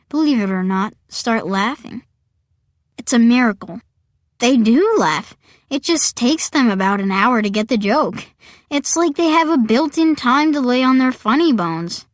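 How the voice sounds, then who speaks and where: A woman's voice: mid-range voice, no room sound, studio quality. A woman reading a first-person audiobook in a wry, conversational storytelling manner. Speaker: audiobook narrator.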